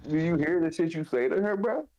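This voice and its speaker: A man's voice: fairly high pitch, lively intonation, fairly quick, highs cut off, background noise. A male streamer in casual gaming chat, joking and swearing, laughing often.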